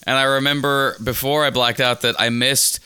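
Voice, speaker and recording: Guy on a podcast, clear bright voice, dry sound, rambly jokey storyteller. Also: mid-range voice, flat delivery, normal speed, no room sound. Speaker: podcast co-host. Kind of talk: casual chat.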